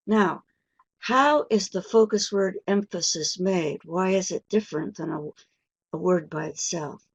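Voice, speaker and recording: Slow gravelly older woman lecturing. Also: fairly low pitch. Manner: deliberate, stretching key words for emphasis. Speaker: pronunciation teacher. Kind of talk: webinar lecture. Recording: dull lo-fi webinar audio.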